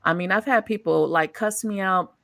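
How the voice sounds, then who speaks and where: A woman hosting a casual chat, telling stories in an animated, profane way and laughing often. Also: mid-range voice, moderate pace, creaky, dry recording. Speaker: host.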